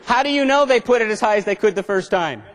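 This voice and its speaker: A fairly high-pitched man delivers a motivational seminar to a live audience, joking around and firing questions back at the room. His voice rings out with a long reverb tail from the lecture hall. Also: lively intonation, quick pace. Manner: playful, keeps quizzing the audience. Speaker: management consultant giving a seminar.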